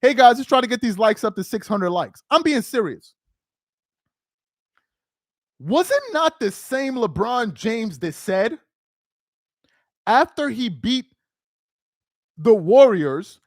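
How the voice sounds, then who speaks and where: A man hosting a reaction video, ranting in disbelief with loud outbursts between a played clip. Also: very high-pitched, lively intonation, slow pace, long pauses, no room sound, studio quality. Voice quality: exasperated, incredulous, loud outbursts.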